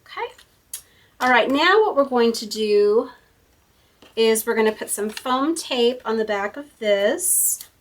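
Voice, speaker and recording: A woman's voice: fairly high pitch, lively intonation, a little slow, distant mic. A woman hosting a casual card-making tutorial at her craft table, chatty and thinking aloud as she works. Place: home craft room.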